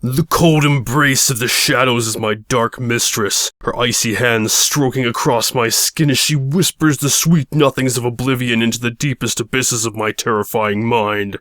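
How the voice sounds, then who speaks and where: A man voicing a pompous, dim-witted male dark lord who speaks in grandiose, melodramatic tones. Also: mid-range voice, fairly even intonation, normal speed, hardly any pauses, no echo, studio quality, natural voice. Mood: brooding.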